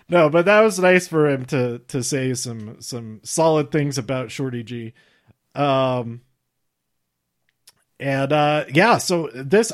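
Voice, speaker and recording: A slightly high-voiced young man hosting his own podcast, recapping shows in a loose, rambling way. He talks casually, stumbles through restarts and laughs at his own asides. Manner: rambling, chatty, laughs at own jokes, many fillers. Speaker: podcast host reviewing wrestling shows.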